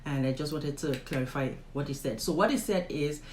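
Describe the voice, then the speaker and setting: In a low, darkish voice with a brisk pace, a young Nigerian-accented woman vlogs casually to the camera while interviewing her father. She chats emphatically and laughs frequently; the rough recording has an echoey room and a little hiss or hum.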